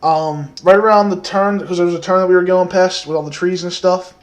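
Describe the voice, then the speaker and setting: A man in his twenties telling a story casually to the camera, soft-spoken and rambling, with many fillers. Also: high-pitched, fairly even intonation, brisk.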